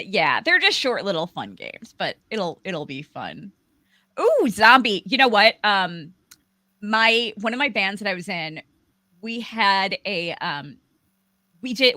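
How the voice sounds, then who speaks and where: Bright, lively woman hosting a live chat. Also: medium pitch, no room sound. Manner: chatty, rambling, with many fillers. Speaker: livestream host. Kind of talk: casual live aftershow chat.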